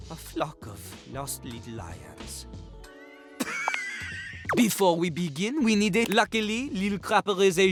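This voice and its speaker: An actor voicing a cocky male rapping toilet with a French accent, who lectures fussily and breaks into sing-song rap in a video game. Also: high voice.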